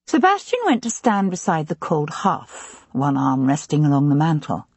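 An audiobook narrator reading a period novel in an even, measured way. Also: mid-range voice, slightly rough, no room sound. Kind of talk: scripted narration.

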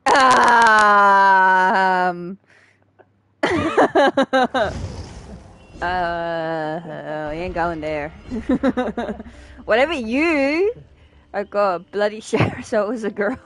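A woman's voice: mid-range voice, expressive, drawn-out words, a bit bright, a little hiss or hum. A young woman streaming a horror game, chatting and teasing a friend, often laughing and breaking into sudden shrieks. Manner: giggly, teasing, bursts into shrieks. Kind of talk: live gaming commentary with a friend.

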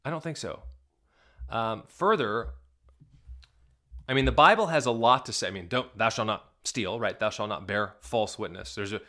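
A man's voice: on the low side, lively intonation, normal speed, bright, forceful tone. A male pastor giving video reaction commentary, emphatic and indignant, firing rhetorical questions at his viewers. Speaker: Southern Baptist pastor.

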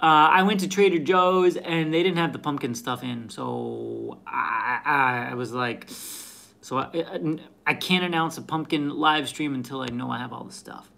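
A man's voice: fairly high pitch, expressive, normal speed, gravelly, sharp tone. A man hosting a casual live stream, who stammers and repeats his words as he chats.

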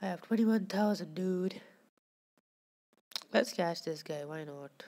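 A woman's voice: lowish voice, takes it slowly, dark tone. A woman giving casual commentary over her own gameplay, chatting with viewers and scolding the fish on screen.

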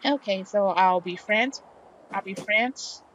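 A woman's voice: medium pitch, slow, fairly bright tone, dull audio, slight background noise. A woman hosting a casual game playthrough, chatting and reading the game's lines aloud with playful drama. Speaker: let's play host.

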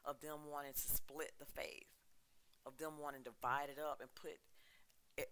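A man preaching a sermon with emphatic, chant-like repeated lists, reading scripture with dramatic pauses. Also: mid-range voice, gravelly, pushed and bright, slight background noise, rough recording. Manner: reads scripture dramatically, slowing and dropping his voice.

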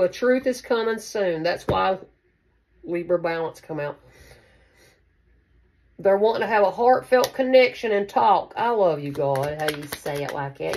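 A woman's voice: mid-range voice, darkish tone, a little hiss or hum. A woman giving a casual tarot reading to camera, chatty and affectionate, calling her listeners baby. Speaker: tarot card reader.

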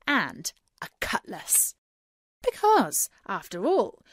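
A woman reading a children's story aloud clearly and expressively for English learners, on a close studio mic. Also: mid-range voice, no echo. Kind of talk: scripted storybook narration.

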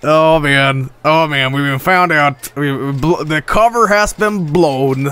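A man streaming a game, commentating casually and excitably, swearing often and laughing a lot. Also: fairly high pitch, slow pace, clean tone.

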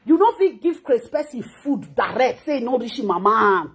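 A Nigerian woman in her thirties speaks in a high voice and a Nigerian Pidgin accent. She scolds with passion and repeats her words as she reacts to the news. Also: sing-song, normal speed, husky. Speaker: social media commentator. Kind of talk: emotional reaction monologue.

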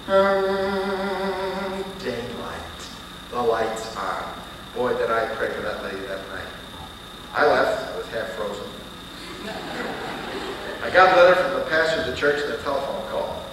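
A man preaching and telling a story in a dramatic, animated way. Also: medium pitch, measured pace, pauses often. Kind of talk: sermon storytelling. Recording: echoey hall recording from far off, with hiss.

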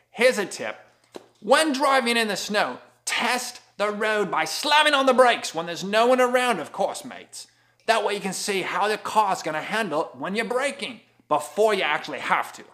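A man's voice: high voice, fairly bright tone. A man with an Appalachian accent giving a jokey driving-conditions vlog from his car, sprinkling in mock Aussie slang. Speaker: vlogger giving road reports.

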